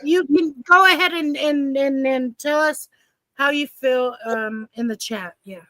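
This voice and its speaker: Bright, playful woman on a stream. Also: high-pitched, unhurried, no echo, low-quality recording. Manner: playful, trails off with fillers. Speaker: podcast host reading the chat. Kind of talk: casual livestream chat.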